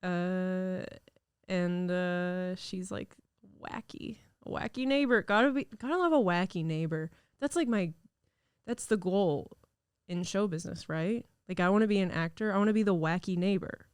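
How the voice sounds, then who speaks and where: Chatty woman with a smooth, dry voice. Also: lowish voice, moderate pace, a little mellow, no echo. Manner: chatty, rambling, lots of fillers. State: recovering from illness. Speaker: podcast host. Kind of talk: casual solo podcast chat. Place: recording studio.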